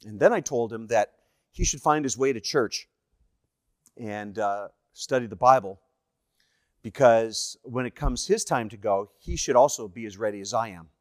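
A Canadian evangelist telling personal stories in a sermon, animated and acting out the voices of the people in them. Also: male voice, mid-range voice, moderate pace, no room sound, studio quality. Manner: animated, acts out dialogue in the stories. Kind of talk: sermon storytelling.

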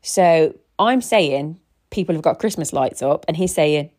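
A woman's voice: low voice, animated, a little slow, a little mellow. A woman in her thirties hosting a casual solo podcast, a chatty, rambling storyteller who often restarts her sentences. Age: 30s. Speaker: podcast host.

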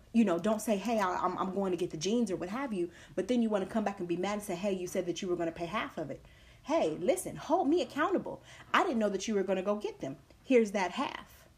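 A woman's voice: medium pitch, darkish tone. A woman hosts her own podcast in a loose, casual monologue. She speaks emphatically and drives her points home by repeating them, and she slips into other voices when she quotes what people say. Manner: emphatic, preachy, repeats key phrases. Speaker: podcast host.

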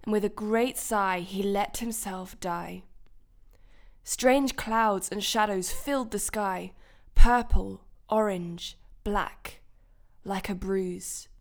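Woman teaching kids a bible lesson, slow and gentle, asks questions. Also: medium pitch.

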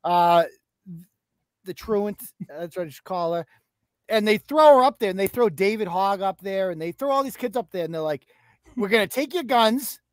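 A woman's voice: mid-range voice, animated, normal speed, no room sound. A woman co-hosting a live talk show, giving heated, profane and mocking commentary. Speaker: co-host.

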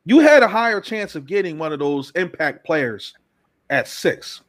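A man hosting a casual sports talk show, ranting in an animated, profane way. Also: fairly high pitch, moderate pace. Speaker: podcast host.

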